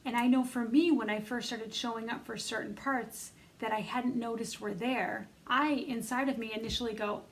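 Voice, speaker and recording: A woman's voice: fairly high pitch, steady tone, moderate pace, few pauses, a little hiss or hum, rough recording. A middle-aged woman giving an earnest, encouraging self-help coaching talk, speaking straight to her listeners. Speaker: self-love coach leading an online bootcamp.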